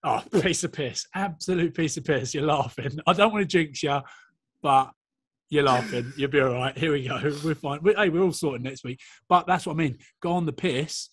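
A man's voice: a little high, moderate pace, a bit bright, breathy edge, no echo. A man on a casual sports podcast, teasing his mates with swearing and frequent laughs. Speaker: podcast co-host and rugby player. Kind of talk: casual banter.

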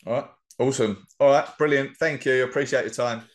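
A man hosting a podcast interview in a laid-back way, swearing casually and quick to laugh. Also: mid-range voice, fairly even intonation. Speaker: podcast host.

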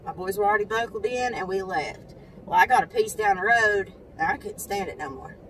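Woman, casual storytelling, phone mic a little far off, faint outdoor noise. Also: brisk. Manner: animated, talks to the camera, acts out others' lines in a high voice. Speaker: mother telling a story. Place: parked car outside a credit union.

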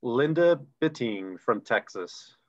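A man's voice: medium pitch, animated, takes it slowly. Enthusiastic man on dull video-call audio. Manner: enthusiastic, chatty explaining ranks. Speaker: co-host reading recognition names. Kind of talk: live online recognition announcing.

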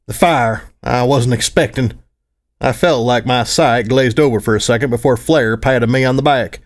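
A man's voice: mid-range voice, normal speed. Male fan audiobook narrator, wry. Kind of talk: first-person fan fiction audiobook narration.

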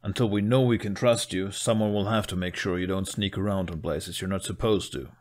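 Guy reading as a tired stern chieftain, low voice, firm and measured. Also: steady tone, a little mellow, lightly acted. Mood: commanding. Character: stern weary male village chief, middle-aged. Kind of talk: audiobook fan fiction reading.

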